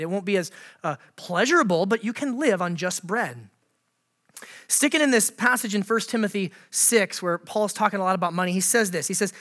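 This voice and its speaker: A male pastor delivers a lively, conversational sermon in a church. His voice sits high and bright, and he keeps turning to the congregation with questions and small jokes. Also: fairly quick. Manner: animated, laughs at his own jokes.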